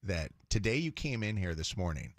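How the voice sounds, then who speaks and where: A middle-aged man with a lowish voice hosts a morning radio show and chats casually. He rambles and restarts often. His studio mic sounds close and dry. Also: very animated, moderate pace, no room sound. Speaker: radio host. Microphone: studio microphone.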